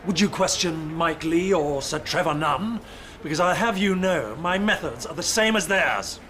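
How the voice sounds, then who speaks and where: A pompous theatrical director. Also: male voice, on the high side, expressive, moderate pace, fairly bright tone. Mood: grandiose. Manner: pompous, theatrical, archaic phrasing. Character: pompous male theatre director turned trainer. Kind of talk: sitcom acting.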